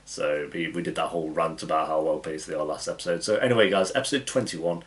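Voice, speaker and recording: A man hosting a reaction video, chatting casually and laughing often, his voice dry and croaky from a cough. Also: rumbling low, fast talker, fairly bright tone. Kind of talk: casual chat to camera.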